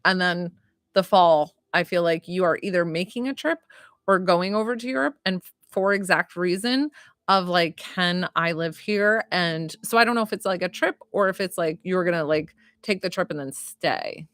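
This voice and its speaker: A woman's voice: on the low side, normal speed, a bit bright, dry recording, clean studio sound. Chatty woman giving a psychic reading. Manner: chatty, many likes and ums, giggly. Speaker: psychic reader. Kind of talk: live-stream psychic reading.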